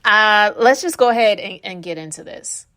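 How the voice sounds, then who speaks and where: A woman's voice: medium pitch, animated, pushed and bright. Woman commentator, reaction channel host, opinionated and casual. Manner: opinionated, conversational, sometimes quick.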